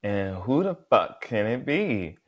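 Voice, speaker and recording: A man recapping a reality competition episode in a sassy, animated, chatty way, swearing freely and calling people "girl". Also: on the low side, slow. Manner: chatty, talks straight to the viewer, fillers like "girl" and "like". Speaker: reality show contestant recapping his season.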